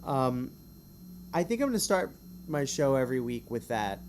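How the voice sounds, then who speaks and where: He's a streamer with a mid-range, very animated voice, casually reading a gamebook aloud amid slight background noise. Between sections he rambles in chatty asides, quick to make himself the butt of the joke.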